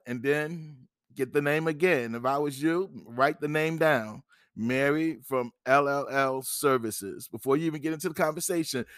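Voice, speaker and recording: A man's voice: mid-range voice, fairly bright tone, clean tone, no room sound, clean studio sound. A middle-aged man hosting an advice podcast, talking emphatically and repeating himself, acting out both sides of a phone call. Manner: repetitive, emphatic, acts out phone calls. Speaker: podcast host giving credit advice. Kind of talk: instructional podcast monologue.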